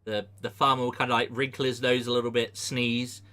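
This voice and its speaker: A man running a tabletop game as dungeon master, talking in halting bursts with lots of fillers. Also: medium pitch, little pitch movement, sharp tone.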